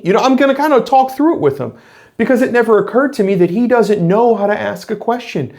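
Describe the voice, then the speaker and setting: A man's voice: high-pitched, animated, fairly quick, a little mellow. A middle-aged man, a former police officer, talking earnestly in a reflective monologue to camera, explaining his points with frequent restarts.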